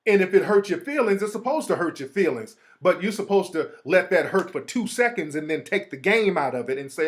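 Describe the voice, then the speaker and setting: In a brisk casual monologue with few pauses, a male show host uses streetwise slang and mimics other people to make his point. His voice sits high and is expressive.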